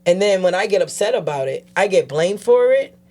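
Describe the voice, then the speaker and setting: A woman guest telling her personal story in a casual interview, animatedly acting out other people's voices and dropping quiet when she turns serious. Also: medium pitch, a little fast. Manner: animated, acts out quoted voices. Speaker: guest, advocate.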